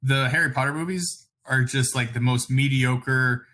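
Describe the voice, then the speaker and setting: A man co-hosting a casual podcast chat, giving blunt opinions and quick apologetic asides. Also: mid-range voice, fairly even intonation, bright, forceful tone. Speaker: podcast co-host.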